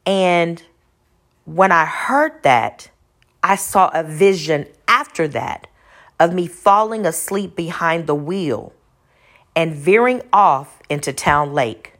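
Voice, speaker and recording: A woman's voice: on the low side, a bit bright. A woman from Texas telling a personal faith testimony in an earnest storytelling way, retracing details aloud as she goes. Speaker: speaker sharing a testimony.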